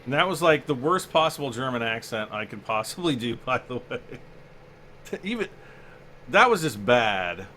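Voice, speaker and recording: A man hosts a casual game livestream, talking viewers through his play in a loose, rambling way. His voice is bright and forceful, and his pitch swings widely as he chats. He keeps answering questions from chat as he goes. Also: very animated, normal speed, slight background noise.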